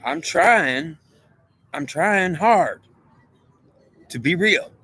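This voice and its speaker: A man's voice: a little high, animated, very slow, bright, forceful tone, slightly rough. A man in a rambling, emotional monologue, pleading with an unseen goddess in an agitated, repetitive way. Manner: addresses an unseen goddess directly.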